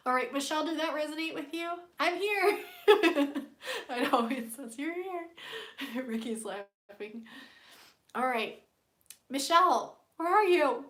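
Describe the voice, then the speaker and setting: A woman's voice: sits high, lively intonation, unhurried, a bit bright, roomy sound. A playful, giggly woman with a stuffy nose, chatting casually as a tarot reader on a live stream. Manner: playful and giggly, hums silly tunes.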